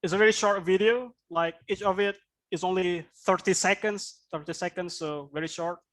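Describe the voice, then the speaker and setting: High-voiced man teaching a class. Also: steady tone, normal speed, a bit bright. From Indonesia. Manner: explanatory, with frequent "right?" tag questions. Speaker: IELTS speaking instructor.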